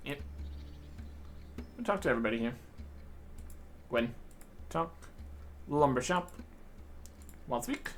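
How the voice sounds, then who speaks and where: A man giving casual, low-key gameplay commentary, muttering short notes to himself as he plays and reads in-game dialogue aloud. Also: lively intonation, slow, pauses often. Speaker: gamer reading dialogue aloud.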